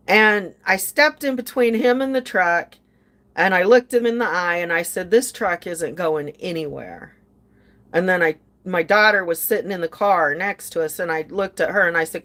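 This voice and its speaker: A woman's voice: mid-range voice, a bit bright. An older woman telling a story in casual chat, indignant and sarcastic as she recounts it. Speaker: podcast host.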